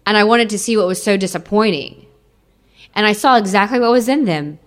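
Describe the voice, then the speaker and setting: A woman's voice: mid-range voice, brisk. A young adult woman giving an emotional personal testimony to an audience, repeating phrases for emphasis.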